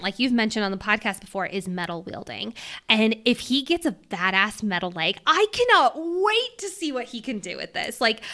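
A woman co-hosting a book podcast, talking excitedly and swearing, acting out lines from the story. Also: on the high side. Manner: excited, swearing, acts out quotes. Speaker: podcast co-host. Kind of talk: casual book discussion.

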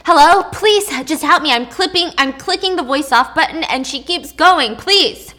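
A woman doing a frantic, yelling man. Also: sits high, expressive, moderate pace, voice pushed up. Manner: shouting, frantic. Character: panicked angry male customer.

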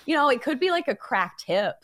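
A woman's voice: high voice, sing-song, fairly quick, a bit bright. A young woman hosting a sports betting podcast, chatting playfully and saying "like" often. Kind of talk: casual chat.

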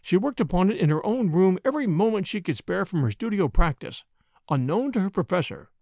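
A man narrating a classic short story in a measured, expressive way. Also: high voice, creaky, dry recording, studio quality. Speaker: audiobook narrator.

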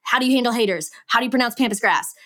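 A young woman co-hosting a casual podcast chat, sarcastic and quick to joke. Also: on the high side, a bit bright. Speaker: podcast co-host.

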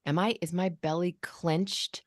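A woman talking casually about parenting on a podcast, demonstrating calm ways to speak to children. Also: on the low side, unhurried, no room sound, studio quality. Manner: demonstrates vocal registers and calm commands.

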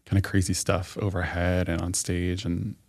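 A man's voice: deep voice, completely flat delivery, moderate pace, creaky, no echo, studio quality. A man co-hosting a podcast, telling a story in casual chat, full of "like" fillers. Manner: chatty storyteller, heavy "like" fillers. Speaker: podcast co-host.

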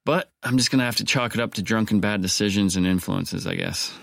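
Wry low-voiced man hosting a podcast. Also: fairly quick, gravelly, dry recording, studio quality. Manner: wry, joking asides. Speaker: podcast host. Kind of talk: casual podcast monologue.

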